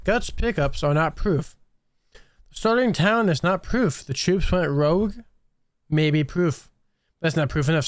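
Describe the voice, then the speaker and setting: A man's voice: on the high side, dry recording, clean studio sound. A man playing an indie horror game, reading game dialogue aloud and joking as he goes. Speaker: gamer. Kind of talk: gameplay commentary.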